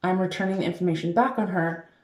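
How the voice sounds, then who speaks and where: Emphatic woman coach, mellow low voice, echoey room. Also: fast. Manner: emphatic, frequent filler words. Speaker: life coach. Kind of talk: casual advice talk to camera. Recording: roomy echo.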